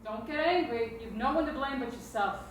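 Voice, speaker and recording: An actress playing a stern middle-aged woman who owns a bar and speaks quietly to her son. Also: on the high side, expressive, brisk, slight background noise, lightly acted. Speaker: bar owner and mother. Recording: echoey room, mic at a distance.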